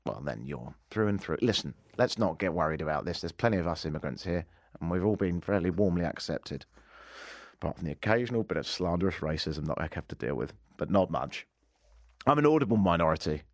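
A man from England hosting a talk radio show, chatty and wry with a lively, animated delivery. The studio sound is dry and close. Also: deep voice, brisk, no room sound. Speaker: radio host. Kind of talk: comedic talk radio banter. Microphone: studio microphone.

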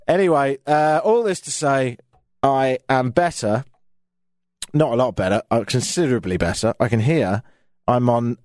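A man's voice: on the high side, no echo. A man from Britain hosting a radio show, telling a self-mocking comic story from his studio microphone.

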